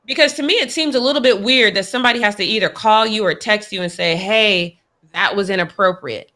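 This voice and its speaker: A woman co-hosting a sports talk show, chatting casually. Her voice is bright and forceful, and her tone is opinionated and emphatic. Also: on the high side, fast talker. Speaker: podcast co-host.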